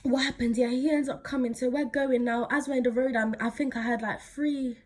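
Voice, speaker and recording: Teenage woman, husky, higher voice, chatty slang-filled storytelling. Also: fairly even intonation, a little fast. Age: teens. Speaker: vlogger. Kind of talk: casual storytelling to camera.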